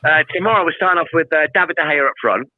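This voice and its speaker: A man's voice: fairly high pitch, racing, no room sound, phone-quality sound. A man from Scarborough, a rival fan on a video call, teasing the hosts in casual banter. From Scarborough, England. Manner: mocking, puts on silly voices to tease.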